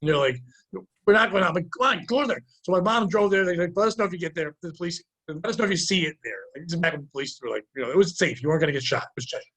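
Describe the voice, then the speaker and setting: Middle-aged podcast host, high-pitched man, rambling and profane, animated casual storytelling. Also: racing, hardly any pauses, slightly rough. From Connecticut.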